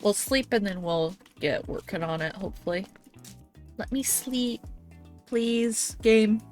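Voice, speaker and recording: A woman's voice: mid-range voice, takes it slowly, a little mellow, soft background music. A woman livestreaming a game, chatting casually, giggling often and reading chat messages aloud.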